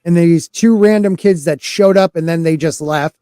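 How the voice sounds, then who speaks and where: A man's voice: on the high side, normal speed, mellow, clear, resonant tone, dry recording, studio quality. A man hosting a casual podcast chat, loose and talkative, greeting live chat viewers as he goes. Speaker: podcast host.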